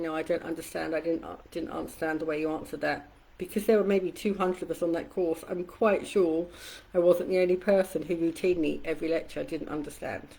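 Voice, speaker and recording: A woman's voice: slightly rough, low-quality recording. A middle-aged woman coach in a casual live-stream talk. She speaks candidly and conversationally, swears casually, and acts out quoted voices. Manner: acts out quoted voices with shifts in pitch and loudness. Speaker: community coach.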